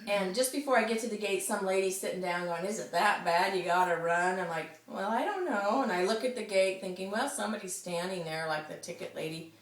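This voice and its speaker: A woman telling a friend a story in casual chat, animated, often laughing and acting out the people she quotes. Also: mid-range voice, a little fast, few pauses. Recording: roomy, distant mic, noisy background.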